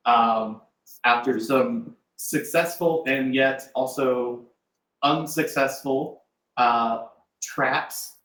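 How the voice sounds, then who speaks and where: Rambling game master in a roomy room. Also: male voice, medium pitch, fairly bright tone. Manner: rambling, loose delivery with frequent hesitations and chuckles. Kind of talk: casual recap of a tabletop game session. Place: shared room with players at a live-streamed table. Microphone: desk mic with in-ear monitor.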